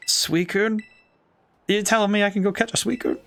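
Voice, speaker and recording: Excitable man with a dry, cracking throat. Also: high-pitched, moderate pace, long pauses, soft background music. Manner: excitable, thinks aloud, incredulous outbursts. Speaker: game streamer. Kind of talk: casual let's-play commentary.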